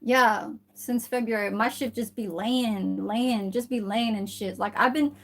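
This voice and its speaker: A woman chats casually into her phone camera at home. Her voice sits a touch high, and she rambles from one aside to the next, swearing freely and checking in with a quick "okay?" as she goes. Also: fairly even intonation, a bit bright. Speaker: vlogger. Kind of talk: casual vlog chat. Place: at home, indoors.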